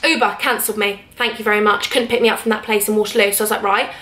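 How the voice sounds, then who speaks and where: Fast-talking woman vlogging. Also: mid-range voice, roomy sound. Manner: animated, acts out both sides of conversations. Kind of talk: chatty storytelling vlog. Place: hotel room.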